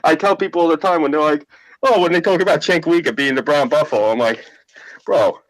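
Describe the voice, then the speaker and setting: A man's voice: fairly high pitch, fast talker, no room sound, rough recording. A man with a New York accent chatting on a livestream, swearing freely and telling stories. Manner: profane, storytelling. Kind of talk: casual livestream chat.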